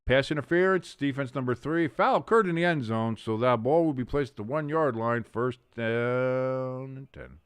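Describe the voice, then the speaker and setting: A man hosting a live watch-along stream, calling the plays casually and jumping sharply in pitch and volume on big moments. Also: moderate pace, hardly any pauses, clear, resonant tone, no echo. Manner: mumbles and scats to himself while thinking. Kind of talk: casual live play-by-play commentary.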